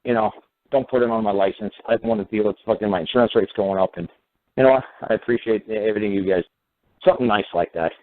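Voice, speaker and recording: A man's voice: lowish voice, quick pace. A man hosting a radio talk show, rambling and profane, who keeps repeating "you know what". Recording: narrow phone-like radio audio.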